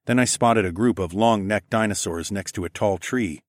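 A man with a fairly low voice reads a first-person adventure story aloud. His delivery is steady and matter-of-fact, and the recording is close and dry. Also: normal speed, no room sound. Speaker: narrator.

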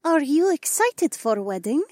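A man voicing a shy, gentle female alien who speaks in halting broken English, in an audiobook. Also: extremely high pitch, very animated, dry recording, clean studio sound, voice pushed up. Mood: tender. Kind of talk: audiobook character voice.

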